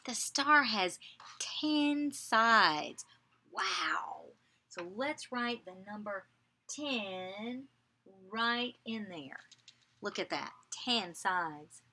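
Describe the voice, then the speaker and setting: A woman teaching young children in a video lesson, coaxing answers in a slow sing-song way and pausing for replies. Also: medium pitch, expressive, pushed and bright.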